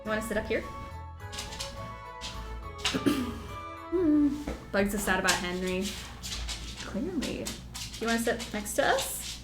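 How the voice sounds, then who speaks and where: A woman's voice: fairly high pitch, very animated, takes it slowly, long pauses. A woman streamer casually chatting while playing a game, slipping into baby talk with her dog. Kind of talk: casual gameplay commentary. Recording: echoey room with loud music.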